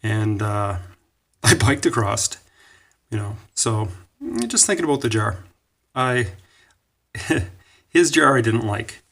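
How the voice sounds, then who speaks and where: A man in his forties from Canada tells a rambling motivational story in a casual vlog. His voice sits a little low. He often corrects himself and slips into the voices of the people he quotes. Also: animated, slow, gravelly, long pauses, a bit bright. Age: 40s. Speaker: vlogger.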